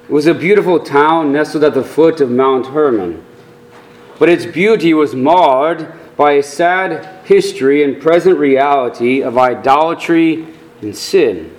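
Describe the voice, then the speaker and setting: A man preaching a sermon as a pastor, earnest and deliberate, rising in emphasis on key points. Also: on the high side, a little mellow.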